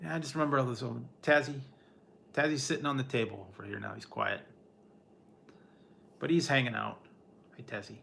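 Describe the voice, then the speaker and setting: A man's voice: mid-range voice, a little fast, vocal fry, pauses often, pushed and bright, slight background noise. A man hosting a casual livestream from home, rambling and laughing often as he chats with viewers and talks to his pet. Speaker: livestream host. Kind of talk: casual chat with live chat viewers.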